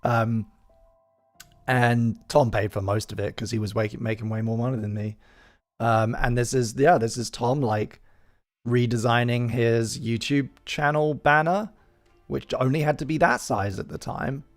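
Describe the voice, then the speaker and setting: A man's voice: mid-range voice, steady tone, measured pace, faint music behind. A man in his thirties hosting a live stream, chatting casually with joking, self-deprecating asides. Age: 30s.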